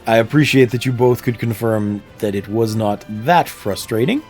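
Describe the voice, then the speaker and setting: Male streamer, mid-pitched, chatty and rambling, desk mic at home, light game music behind. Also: moderate pace, darkish tone. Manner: chatty, rambling, laughs often. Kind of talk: casual livestream chat. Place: home room near plumbing. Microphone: desk microphone.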